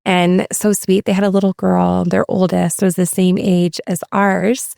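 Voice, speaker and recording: A woman in her thirties, a guest in a casual interview, talking warmly and effusively and often repeating her words. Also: fairly low pitch, little pitch movement, measured pace, vocal fry, no room sound, clean studio sound. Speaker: guest, adoptive mother. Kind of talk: casual interview over video call.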